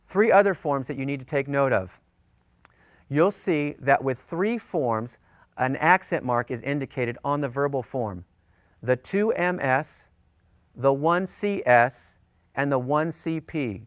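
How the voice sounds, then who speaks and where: A man teaching a recorded language lesson at a medium pitch. He speaks deliberately and drills forms slowly and carefully. The sound is dry and slightly dull. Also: dry recording. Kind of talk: recorded lecture.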